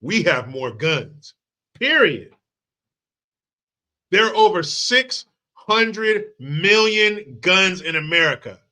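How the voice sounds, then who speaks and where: A man's voice: high-pitched, sing-song, takes it slowly, long pauses, pushed and bright. A man hosting a commentary channel, delivering a profane political rant full of crude mockery and sarcasm.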